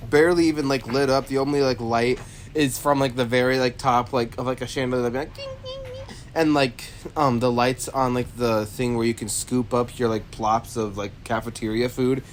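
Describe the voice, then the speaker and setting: A man's voice: mid-range voice, fairly even intonation, brisk, a little hiss or hum. A man co-hosting a casual chat who rambles and complains in an exasperated way, full of "like" and restarts. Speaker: co-host.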